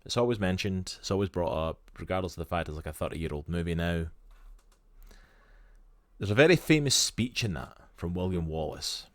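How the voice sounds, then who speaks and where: A Scottish man with a very deep voice co-hosts a live stream in casual chat. He talks in an eager, rambling way, and the sound is close and dry. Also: animated, moderate pace, no room sound. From Scotland. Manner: chatty and enthusiastic, with lots of "literally" and "like". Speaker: stream co-host.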